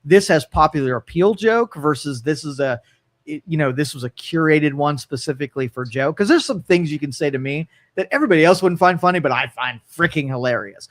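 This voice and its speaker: A man's voice: a little high, expressive, brisk, dry recording. Blunt teasing man co-host. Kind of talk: casual talk show banter. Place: live-streamed studio.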